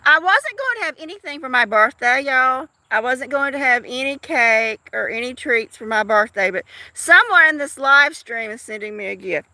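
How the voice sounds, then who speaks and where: A woman in her fifties hosts her own live stream, talking to viewers in a loose, rambling way. Her voice sits high and has a gravelly fry. It has a bright, sharp edge, recorded dry and close. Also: lively intonation, moderate pace, few pauses, dry recording. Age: 50s. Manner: rambling, chatty, with frequent restarts and laughs. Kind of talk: casual live stream chat.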